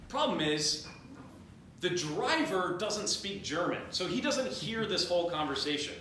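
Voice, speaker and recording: A man's voice: high-pitched, very animated, measured pace, pushed and bright. A man telling a history story at a party in a loose, joking, rambling way, acting out the voices of the people in it. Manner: rambling, jokey, acts out quoted voices. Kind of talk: comedic drunk history retelling. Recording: very echoey room with faint noise.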